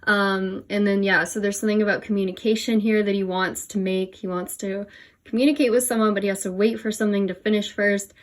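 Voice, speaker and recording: A young woman reads tarot casually at home, kneeling on the floor over her cards and a bit out of breath from leaning forward. Her mid-range voice holds a steady tone and moves briskly. She chats away, sprinkling in lots of "like" and "um," and laughs at her own remarks.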